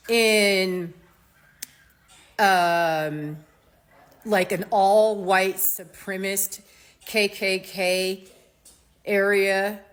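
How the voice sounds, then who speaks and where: With a medium-pitched voice, a US woman rattles off casual opinions as a commentator, mocking and animated, dropping slangy asides along the way.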